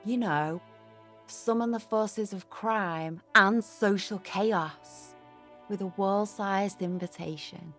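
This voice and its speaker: A slow, sarcastic young graffiti artist. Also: female voice, mid-range voice, fairly bright tone, faint music behind. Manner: sarcastic, drawling.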